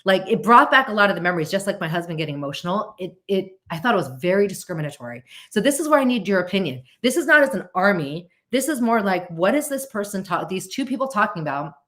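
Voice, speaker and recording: A woman's voice: mid-range voice, very animated, fast talker, few pauses, a bit bright. A woman hosting a podcast in casual chat, earnest and openly emotional, rambling with restarts. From United States. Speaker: podcast host.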